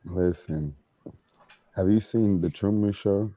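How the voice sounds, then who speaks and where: A man on a video chat, talking in a slow, laid-back way. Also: sits low, mellow. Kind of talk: casual chat.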